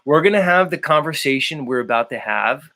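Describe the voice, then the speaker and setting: A man's voice: a little high, expressive, brisk, vocal fry, sharp tone. Profane ranting male host. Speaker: livestream host. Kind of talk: profane rant.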